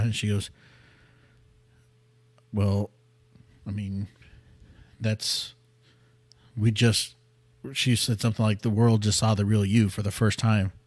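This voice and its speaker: A man in his thirties hosting a podcast, telling a personal story in an earnest, rambling way that often drops quiet. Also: lowish voice, no echo. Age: 30s. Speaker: podcast host. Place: small studio room.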